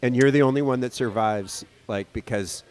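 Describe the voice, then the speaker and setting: A man's voice: mid-range voice, darkish tone, clear, resonant tone. Rambling male podcast co-host. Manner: rambling, halting, many fillers and restarts. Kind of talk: casual chat over beers.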